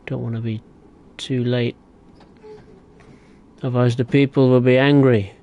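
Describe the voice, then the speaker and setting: A man's voice: mid-range voice, level tone, measured pace, mellow, highs cut off. A young man live-streaming a train game, chatting casually and answering viewers in a rambling way. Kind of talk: live gameplay commentary.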